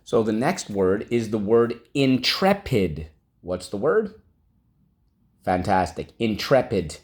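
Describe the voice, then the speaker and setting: Slow, low-voiced man teaching vocabulary. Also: very animated, darkish tone. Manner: drawn-out, syllable-by-syllable word drills. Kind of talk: vocabulary lesson for children. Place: classroom.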